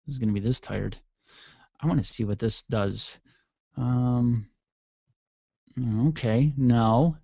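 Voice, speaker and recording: A man's voice: medium pitch, darkish tone, no echo, muffled recording. Sleepy rambling male radio host. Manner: rambling, joking, mildly profane. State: yawning and sleepy. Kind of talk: casual solo radio chat. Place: home studio room. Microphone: desk mic with headphones.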